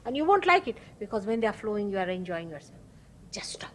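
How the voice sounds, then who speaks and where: A woman of medium pitch speaks quickly in a sing-song way, captured on poor audio with slight background noise. As a spiritual teacher giving an informal talk, she tells an emphatic story, repeating key words and performing the characters' dialogue.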